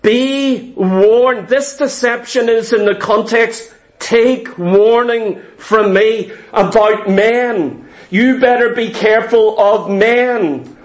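A man preaching a sermon, emphatic and deliberate, repeating phrases for stress. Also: high voice, rough recording. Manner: slow, deliberate delivery.

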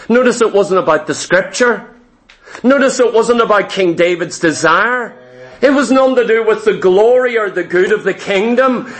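High-voiced impassioned male preacher. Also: a little slow, fairly bright tone. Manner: impassioned, dramatic storytelling. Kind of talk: sermon.

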